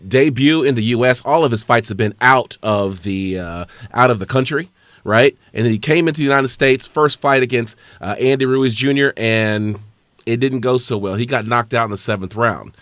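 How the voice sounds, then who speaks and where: A man hosting a casual combat sports podcast, talking briskly with frequent fillers and restarts. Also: medium pitch, fairly bright tone, no room sound. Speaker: podcast host.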